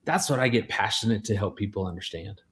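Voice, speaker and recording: A man's voice: lowish voice, expressive, quick pace, fairly bright tone. Earnest storytelling man, many restarts. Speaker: guest, marriage expert. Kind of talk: radio interview storytelling.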